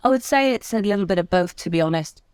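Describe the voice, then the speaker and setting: A woman from the UK, a speaker trainer talking as a podcast guest, expressive and swinging widely in tone and loudness. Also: medium pitch, fast talker, clear, resonant tone, no room sound, clean studio sound. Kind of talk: podcast interview.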